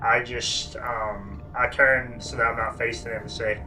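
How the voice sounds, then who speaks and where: A man's voice: medium pitch, level tone, measured pace, background noise. A man playing a tabletop role-playing game, hesitant and laconic. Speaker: player.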